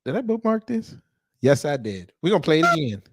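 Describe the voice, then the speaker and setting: A man's voice: on the high side, big pitch swings, slightly rough, dry recording. A man hosting a video reaction, throwing out exclamations and laughing hard between short remarks. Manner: slow drawn-out exclamations. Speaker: reaction channel host.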